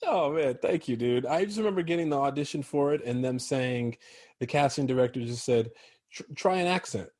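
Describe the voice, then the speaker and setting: Husky-voiced man, animated guest storyteller. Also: medium pitch, fairly quick. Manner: animated storyteller, laughs often. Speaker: actor guest. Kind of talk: casual chat.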